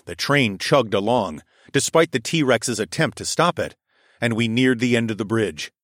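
A young adult man narrating a first-person adventure story in a steady storytelling voice. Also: normal speed, no room sound, studio quality. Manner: steady storytelling, voicing his own lines louder and higher.

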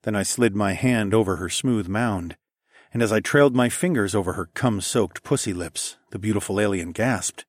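A man with a low voice narrates an erotic audiobook in a soft, intimate, often hushed tone. The recording is dry and close. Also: moderate pace, dry recording.

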